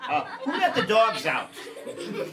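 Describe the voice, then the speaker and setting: High-voiced man improvising on a live stage. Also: huge pitch swings, a loud crowd. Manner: rambling, filler-heavy, turns to rapid-fire questioning. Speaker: improv comedy player. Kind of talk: improvised comedy scene. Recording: live stage, mic far off, loud audience.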